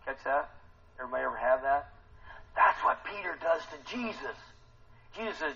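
Excitable man preaching, lo-fi sound. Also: medium pitch, quick pace, creaky. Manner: excitable, animated, swings between hushed and loud. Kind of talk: sermon.

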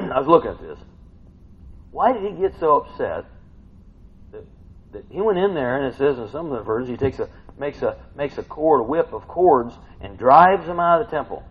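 A man preaching a sermon, swinging between hushed reading and loud excited outbursts. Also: medium pitch, moderate pace, breathy edge. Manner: animated, swings from hushed to shouting. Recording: dull lo-fi recording.

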